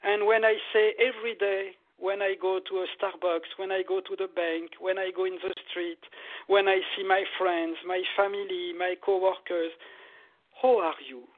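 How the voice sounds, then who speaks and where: High-voiced man over a phone-like line. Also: normal speed. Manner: animated, repetitive, laughs often. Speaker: meditation teacher, guest. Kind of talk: casual interview.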